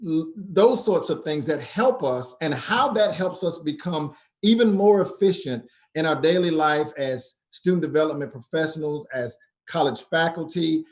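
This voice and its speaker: A man hosts a casual talk for a college. His voice sits a bit high, and he often restarts sentences and fills gaps with filler words. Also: a little mellow. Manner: halting, many restarts and fillers. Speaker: college staff host.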